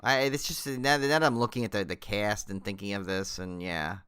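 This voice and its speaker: A man's voice: fairly low pitch, brisk, a bit bright, smooth, dry recording, clean studio sound. A man co-hosting a casual podcast. He is jokey and rambling and tries out impressions. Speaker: podcast co-host.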